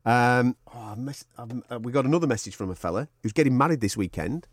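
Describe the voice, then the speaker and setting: A man's voice: medium pitch, fast talker, no echo, clean studio sound. A man co-hosting a podcast, teasing and joking in casual banter. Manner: teasing, animated, jokey. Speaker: podcast co-host.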